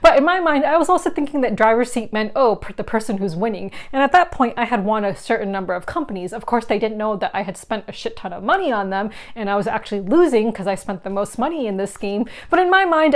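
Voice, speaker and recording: A young woman telling a funny story to camera, chatty and quick to laugh, with many fillers. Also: fairly high pitch, expressive. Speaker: board game vlogger.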